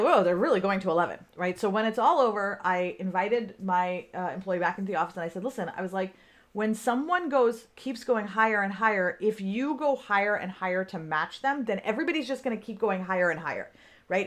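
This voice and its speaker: A woman telling a personal story in a casual, conversational way, often checking in with her listeners. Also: medium pitch. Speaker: speaker on self-care.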